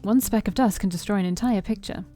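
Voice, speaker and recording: A woman's voice: mid-range voice, fast, mellow, soft background music, lightly acted. A woman reading the lines of a cheerful, teasing young woman photographer while playing a story game. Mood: upbeat. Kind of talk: reading a visual novel aloud.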